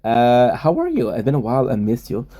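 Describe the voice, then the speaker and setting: A man with a mid-pitched, mellow, warm voice riffs loosely in casual chat. He jokes constantly and swears freely. His talk rambles from one bit to the next. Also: wildly swooping pitch, fairly quick. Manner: joking, profane, rambling banter. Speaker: streamer.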